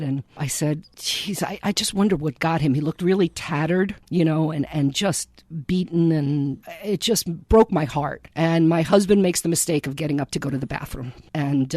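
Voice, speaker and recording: A woman's voice: deep voice, no room sound, clean studio sound. A middle-aged woman, a guest author, telling a personal story in a casual interview and acting out the voices she quotes. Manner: animated storyteller who acts out voices in quotes.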